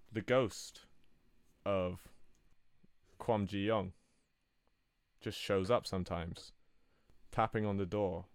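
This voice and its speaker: A man telling an improvised comic story in a rambling, deadpan way, correcting himself as he goes. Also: fairly low pitch, clear, resonant tone, dry recording. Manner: rambling, deadpan, self-interrupting.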